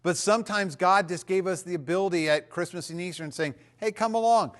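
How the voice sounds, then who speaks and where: A man with a somewhat raised speaking pitch delivers a church teaching talk, relaxed and conversational. He fills pauses with "uh" and restarts his sentences. His stories come out animated and friendly. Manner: conversational, frequent "uh" fillers and restarts; animated storyteller.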